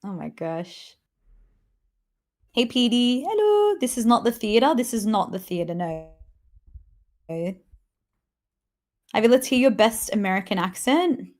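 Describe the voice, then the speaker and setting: A woman's voice: medium pitch, animated, a little slow, long pauses. A woman live-streaming a game, chatting casually with a teammate and greeting viewers, laughing often. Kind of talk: casual live-stream chat while gaming.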